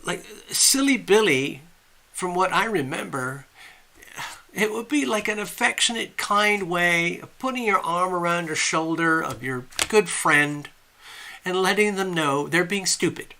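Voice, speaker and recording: Bright-voiced man chatting on a livestream. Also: high voice, a little slow, creaky. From USA. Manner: chatty, rambling, greets viewers by name. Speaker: livestream host. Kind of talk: casual live chat reading viewer comments.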